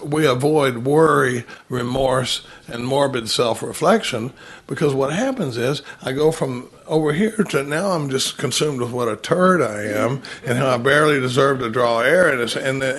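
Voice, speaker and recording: Husky-voiced man telling recovery stories. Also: mid-range voice. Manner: storytelling, animated when quoting others. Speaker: recovery speaker. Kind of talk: recovery talk.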